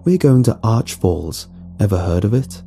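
An easygoing sewer crew boss who talks in a calm, reassuring way, as a storyteller voices him. The voice is low, dark and gravelly, lively in pitch. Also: male voice, moderate pace, faint music behind. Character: laid-back male sewer company boss.

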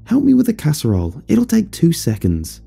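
A man's voice: a little high, huge pitch swings, a little fast, gravelly, warm tone, slightly rough, faint music behind, pitched above the performer's own voice, heavily acted. A man voicing the story's narrator in casual, coaxing dialogue lines of a spoken horror story. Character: the narrator's younger self, a friendly host.

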